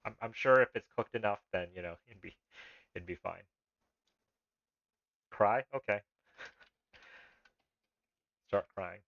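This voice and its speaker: A man's voice: fairly low pitch, slow pace, gravelly, long pauses, fairly bright tone, no echo, lo-fi sound. A man streaming a text adventure live, reading the game's text aloud and making rambling, laughing asides.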